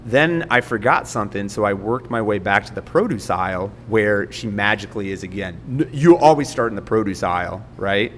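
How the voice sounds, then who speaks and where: Low-voiced man telling a funny story. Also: moderate pace, few pauses, long reverb tail, a little hiss or hum. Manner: animated, self-mocking, laughs often. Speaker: podcast guest. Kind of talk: casual storytelling.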